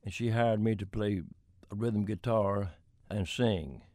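The guest is an older country singer-songwriter from Florida, telling folksy, anecdotal stories about his career in an interview and chuckling now and then. His voice sits on the low side with a darkish tone and an unhurried pace, recorded at studio quality without echo.

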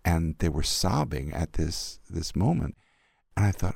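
Deep gravelly older man telling stories. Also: measured pace, no room sound, clean studio sound. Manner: thoughtful, warmly animated storyteller. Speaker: arts critic, interview guest. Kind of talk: reflective storytelling in an interview.

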